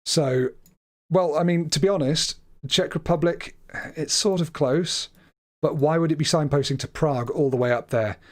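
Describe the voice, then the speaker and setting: A man with a slightly high voice hosts a live stream and talks through a guessing game as he plays. His delivery is chatty and unscripted. He often stumbles and restarts his words while he works things out. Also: normal speed. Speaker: livestream host. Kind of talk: live game commentary, thinking aloud.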